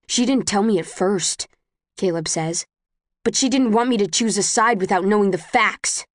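A woman's voice: medium pitch, normal speed, no room sound, lightly acted. An earnest, anxious young man who pleads with his sister, his voice sounding close and plain, as a woman reader voices him. It is an audiobook read in a dry, close recording with no room sound.

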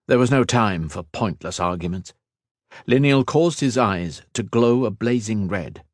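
Low-voiced man narrating a fantasy story. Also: animated, normal speed, no room sound, studio quality. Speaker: audiobook narrator.

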